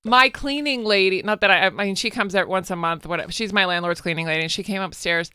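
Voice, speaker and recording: Bright-voiced woman telling a sheepish story. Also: medium pitch, quick pace, clear, resonant tone, no room sound. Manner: sheepish, laughs at herself, acts out quotes. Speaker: comedian guest. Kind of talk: casual storytelling chat.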